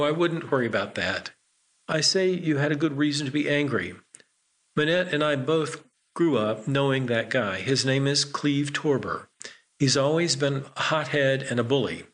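A man voicing a calm, friendly grown man who speaks in an easygoing, reassuring way. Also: medium pitch, moderate pace, natural voice. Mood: kind, reassuring.

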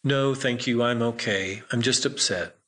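Older gentleman, proud and touchy, clipped hurried delivery, voiced by a male narrator. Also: medium pitch. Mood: shaken, polite. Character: elderly proud bilingual man, courtly but quick to rage.

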